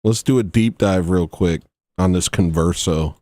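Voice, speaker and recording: A tired man hosting a livestream, talking casually in a rambling, mocking, irreverent way with sudden high-pitched outbursts. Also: measured pace, dry recording, studio quality. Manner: slips into loud high-pitched bursts. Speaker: livestream host.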